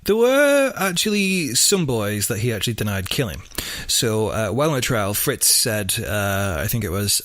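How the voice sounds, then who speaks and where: A man hosting a true-crime podcast, telling the story in an animated, sweary, casual way. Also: fairly low pitch, moderate pace, hardly any pauses, dry recording. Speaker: podcast host.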